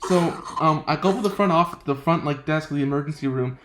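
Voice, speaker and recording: A young man hosting a casual podcast chat, telling a story with lots of laughter and lively quoted voices. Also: fairly high pitch, fairly quick, slight background noise. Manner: laughing often, animated quoting of others. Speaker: podcast host.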